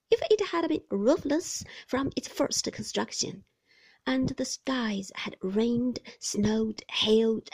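A woman narrating a classic novel slowly and deliberately, often dropping to a soft whisper. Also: fairly high pitch, vocal fry, rough recording. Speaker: audiobook narrator.

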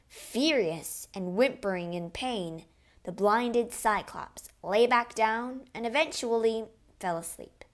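A woman narrating a storybook adventure in the first person, measured and expressive. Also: a little high.

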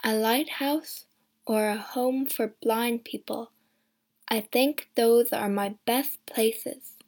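A woman voicing a gentle, shy, deformed young man who speaks in a strange, slow voice. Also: fairly high pitch. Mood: gentle, resigned.

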